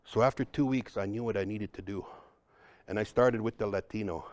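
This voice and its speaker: An Ojibwe language teacher presents a workshop to a live audience in a conference room, speaking a little fast in a lowish voice. He's an animated storyteller who drops to a hush and then rises loud, sprinkling in "hey?" and "right?" The audio is dull.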